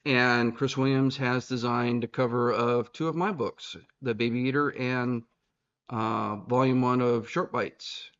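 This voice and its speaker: A man's voice: medium pitch, fairly even intonation, measured pace, lo-fi sound. Rambling, teasing male podcast host. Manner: rambling, teasing, many restarts. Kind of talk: casual podcast chat. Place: recording room in Boston.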